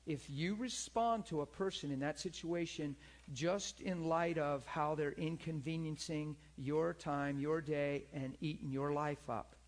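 With a somewhat high voice, a male pastor and teacher offers conversational church teaching, animated and earnest throughout. He impersonates people in high, pleading tones, repeats points, and keeps looking to listeners for an amen or a nod.

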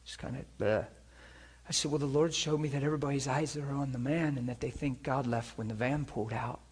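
A man preaching a sermon and telling his own story, animated, swinging between hushed and loud, often chuckling as he speaks. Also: mid-range voice, brisk, husky. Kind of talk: sermon with personal testimony.

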